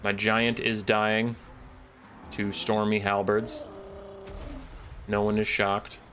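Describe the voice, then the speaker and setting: A man's voice: lowish voice, monotone, takes it slowly, fairly bright tone, a little hiss or hum. A man streaming a strategy game, giving casual running commentary on his moves, playful and self-deprecating. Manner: playful, mock-scolding asides, self-deprecating. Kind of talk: casual live gameplay commentary.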